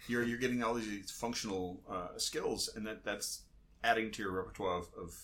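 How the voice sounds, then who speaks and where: A man's voice: on the low side, steady tone, moderate pace, fairly bright tone. A man hosting a podcast, talking thoughtfully and repeating words as he thinks. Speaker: podcast host. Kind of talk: conversational interview.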